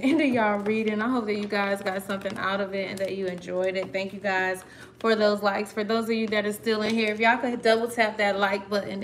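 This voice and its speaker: A woman's voice: mid-range voice, slight background noise. A woman giving a casual live tarot reading, chatty and rambling, often cutting herself off. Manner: chatty, self-interrupting, laughing at herself. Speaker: tarot reader.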